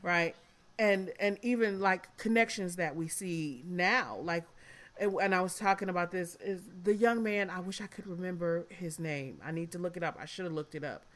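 A woman's voice: on the low side, moderate pace. A woman in her fifties hosting a casual podcast, frank and blunt, swearing freely and calling her guests darling, emotional and close to tears. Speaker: podcast host.

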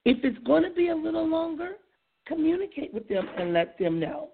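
A hoarse woman hosting a casual talk show, chatty and quick to laugh, often saying things twice. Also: high voice, big pitch swings, a little hiss or hum. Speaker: radio show host. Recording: tinny phone-like sound.

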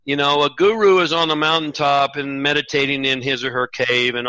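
A man's voice: fairly high pitch, bright, forceful tone, no echo, low-quality recording. A man speaking as a guest author on a radio interview, earnest and reflective, often restarting his sentences. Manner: earnest, halting restarts, acts out quotes in a raised voice.

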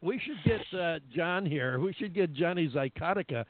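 A man's voice: fairly high pitch, lively intonation, normal speed, no echo. A man hosting a radio talk show, chatty and jokey, laughing often as he talks. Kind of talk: casual radio chat. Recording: phone-like narrow sound.

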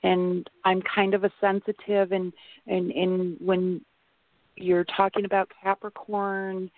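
A woman's voice: mid-range voice, little pitch movement, slow pace, no room sound. Nervous Midwestern woman caller on a phone line. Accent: Midwestern American. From Wisconsin, USA. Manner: hesitant, rambling, with many fillers and restarts. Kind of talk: radio call-in. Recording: dry, tinny phone line.

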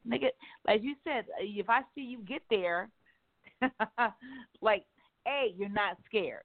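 A woman hosting a casual podcast chat, talking candidly and with profanity in an animated way. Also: medium pitch, a little slow. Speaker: podcast host. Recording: tinny phone-like sound.

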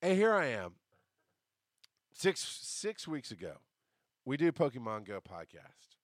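A man's voice: medium pitch, very animated, takes it slowly, no echo, studio quality. A man hosting a podcast in a casual, rambling monologue. He swears freely and breaks off to answer live chat comments. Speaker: podcast host.

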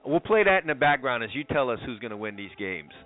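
A man's voice: medium pitch, big pitch swings, fast, soft background music. A man co-hosting a sports talk show, teasing his partner in a joking way. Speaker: co-host. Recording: dry, phone-like line.

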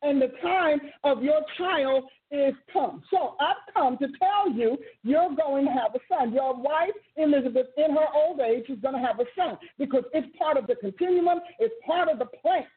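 A woman's voice: high-pitched, moderate pace, hardly any pauses, natural voice. A woman voicing a stern, commanding male archangel who delivers his message with emphatic scolding. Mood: announcing. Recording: tinny phone-like sound.

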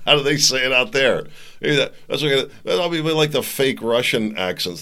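A man's voice: mid-range voice, normal speed, pushed and bright. A man hosting his own podcast, giving casual solo commentary full of sarcastic asides and jokes. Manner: sarcastic, jokey, talks in asides. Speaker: podcast host.

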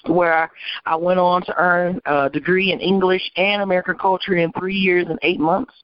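A woman attorney from Michigan telling her life story as an interview guest, animated and acting out the people she quotes. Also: fairly low pitch, normal speed. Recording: dull, dry lo-fi recording.

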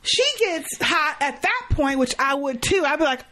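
A woman's voice: high-pitched, moderate pace. A woman co-hosting a podcast, talking bluntly and profanely in a casual chat. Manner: blunt, profane, animated retelling. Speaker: podcast co-host.

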